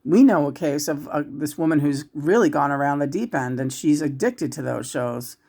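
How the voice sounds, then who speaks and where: A woman talking casually as a psychic channeler about spirits. She rambles, restarts often and swings between loud and hushed. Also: deep voice, moderate pace, vocal fry.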